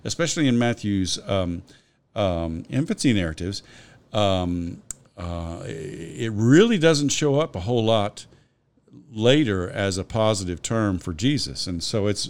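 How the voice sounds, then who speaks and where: A man's voice: fairly low pitch, animated, a little slow, darkish tone. A man discussing a Bible passage in a conversational podcast, explaining in a scholarly way and citing chapter and verse, with frequent restarts.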